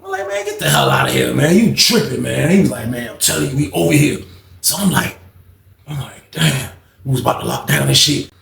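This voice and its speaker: A man with a gravelly voice telling a story in an animated way and acting out what other people said. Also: mid-range voice, a little fast, echoey room, crowd noise. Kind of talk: storytime monologue.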